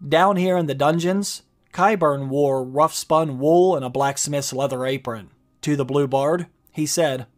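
A man narrating a video essay and reading a book passage aloud, measured and explanatory. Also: on the high side.

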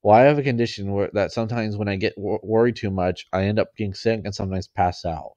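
A shy, anxious teenage schoolboy from a storybook reading, as a man reads him. Hesitant and stumbling, in a fairly low, dry voice. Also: fairly even intonation, fast, a little mellow, no echo, muffled recording, lightly acted.

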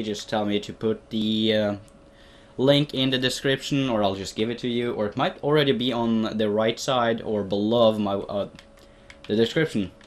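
A young man doing playful, rambling gameplay commentary in a put-on Australian accent, talking to the characters on screen. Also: mid-range voice. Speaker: gaming video host.

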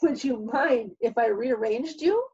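A woman voicing a gentle storybook hermit crab. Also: on the high side, expressive, measured pace, breathy edge, lo-fi sound, full character voice. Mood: gentle asking.

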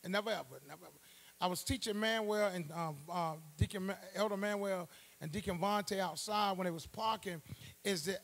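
A man preaching a Bible study sermon in church, calling out to the congregation for responses and swelling to loud emphasis. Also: high-pitched, a little fast, vocal fry. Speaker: pastor.

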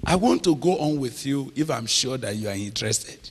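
A man preaching a sermon, slow and emphatic, drawing out phrases and checking in with the audience. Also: mid-range voice, animated, slightly rough. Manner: slow, emphatic, drawn-out phrases with call-and-response questions. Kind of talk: sermon teaching. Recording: long hall reverb.

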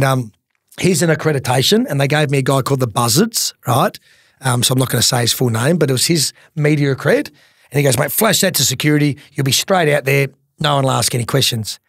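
A man's voice: mid-range voice, vocal fry, slightly rough, dry recording. Laid-back Australian man, dry close mic. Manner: laid-back, self-mocking, larrikin. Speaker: racing tipster and storyteller. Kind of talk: casual podcast chat, telling stories.

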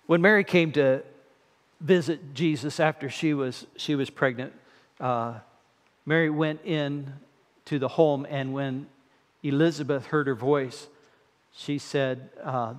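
A man's voice: mid-range voice, fairly even intonation, a little slow. A middle-aged man preaching a sermon in a church, conversational and wry, with filler words. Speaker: guest preacher. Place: church sanctuary. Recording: long reverb in a church hall.

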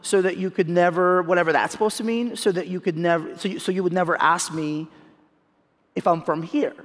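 A man in his thirties from the Philippines speaks in a lively onstage interview, laughing often and restarting with repeated words. His voice sits fairly high for a man. The sound carries a long reverb from a large hall. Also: a little fast. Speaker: guest speaker.

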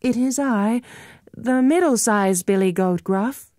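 A woman's voice: a little high, takes it slowly, mellow, dry recording, clean studio sound, voice pushed up. A woman voicing a middle-sized billy goat who sings a lilting chant in a raised voice. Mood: polite.

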